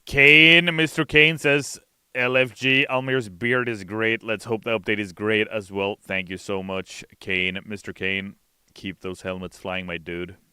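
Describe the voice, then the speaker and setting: A man's voice: on the low side, flat delivery, unhurried, pushed and bright, clear, resonant tone, no room sound. A man hosting a game livestream, casually reading chat messages aloud and answering them from a studio. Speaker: game stream host.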